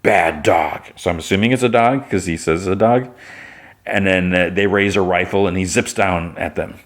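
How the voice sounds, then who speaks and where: A man's voice: low-pitched, brisk. A man hosting a podcast, casually retelling an episode with plenty of filler words. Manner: rambling, filler-heavy retelling. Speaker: podcast host.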